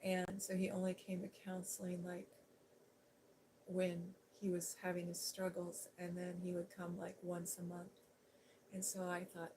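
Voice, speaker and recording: A middle-aged woman, an ASMR host, telling a personal story in a soft, chatty way. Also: on the low side, completely flat delivery, measured pace, slight background noise, poor audio. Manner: soft-spoken, chatty with fillers. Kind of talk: softly spoken personal storytelling.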